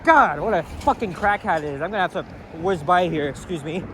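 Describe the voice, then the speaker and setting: A man's voice: high voice, animated, a little fast, background noise. A man walking outdoors and ranting angrily with lots of swearing, rambling as he talks to the camera. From Canada. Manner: angry, profane, rambling rant. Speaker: walking vlogger. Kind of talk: casual ranting walk-and-talk. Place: city street outdoors near traffic.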